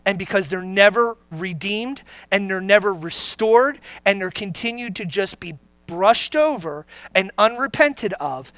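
A pastor delivers a sermon at an unhurried pace, teasing the congregation with questions and jokes before sinking into low, grave emphasis. The voice is bright, and the recording is dry and close. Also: dry recording. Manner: conversational, joking, then drops low and grave.

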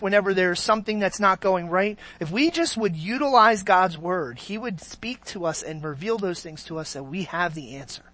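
A man preaches in a relaxed, conversational way, often checking in with his listeners with "Amen?" and "okay?". His voice sits high and bright. The sound is dry and close, with little room around it. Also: no room sound. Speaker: pastor. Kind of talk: sermon.

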